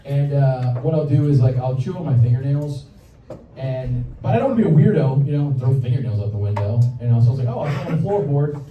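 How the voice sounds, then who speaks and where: A man's voice: medium pitch, lively intonation, fast talker, recorded from a distance, a little hiss or hum. A young man doing a stand-up comedy set on a club stage, awkward and self-deprecating, with a slight Southern American accent. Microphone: handheld stage mic. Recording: roomy club recording from the audience, dull sound. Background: audience laughter.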